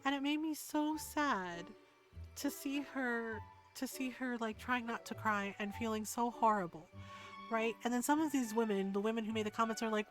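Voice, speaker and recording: A woman's voice: fairly high pitch, steady tone, normal speed, soft background music. A woman streamer in casual chat, ranting heatedly with lots of swearing and frequent "like" and "right?".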